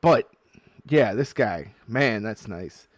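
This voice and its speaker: Slow-talking guy opening card packs, casual chatter, reads the cards out, dry close sound. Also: fairly low pitch, no echo. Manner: chatty, reads card text aloud, gets loudly excited at good pulls. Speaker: card-opening video host. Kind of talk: casual unboxing commentary.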